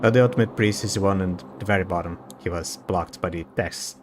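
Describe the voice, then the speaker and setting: With background noise in the mix, a man streams himself reading a visual novel and interrupts to talk about its characters. His voice sits low and he goes a little fast.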